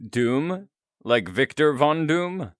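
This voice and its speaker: A man chatting casually with his stream audience while taking requests, talkative and quick to laugh at himself. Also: on the high side, expressive, smooth, no room sound, studio quality. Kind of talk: casual chat.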